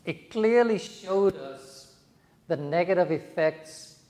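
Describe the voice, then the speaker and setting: Pastor with a slightly higher voice. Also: male voice, lively intonation, slow, warm tone. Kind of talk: sermon. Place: church. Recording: echoey church hall.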